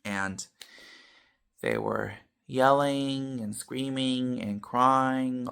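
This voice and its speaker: Talking casually to camera, a man tells his viewers a story extremely slowly, his medium-pitched voice gravelly yet clear and resonant. He swings animatedly between loud and soft, capping lines with "you know" and "okay."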